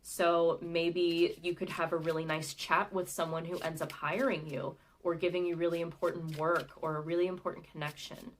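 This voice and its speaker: A woman giving a live tarot reading in a relaxed, conversational way. She speaks in a slightly low voice and often pauses on soft fillers as she follows her intuition. The delivery is gentle and friendly. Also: slight background noise. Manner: chatty, gentle and intuitive, with frequent "like" and "um". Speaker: tarot card reader. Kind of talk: live pick-a-card reading.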